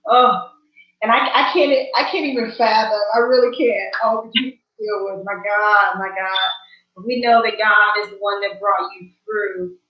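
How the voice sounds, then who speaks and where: A woman's voice: mid-range voice, steady tone, measured pace. A woman hosting an online talk show, emphatic and devout, exclaiming often. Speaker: host. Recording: roomy, distant, lo-fi call audio.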